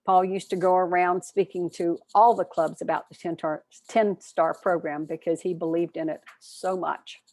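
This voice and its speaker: A woman's voice: fairly low pitch, little pitch movement, normal speed, hardly any pauses, darkish tone, dry recording. A woman giving a short, earnest program presentation at an online club meeting, speaking in a friendly, plain way over a video call.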